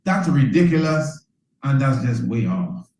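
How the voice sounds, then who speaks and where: A man's voice: medium pitch, sing-song, a little slow, darkish tone, slight background noise. A man giving a motivational teaching talk, preacherly, repeating phrases and checking in with "you understand?". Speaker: priest teaching a self-improvement course. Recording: roomy echo.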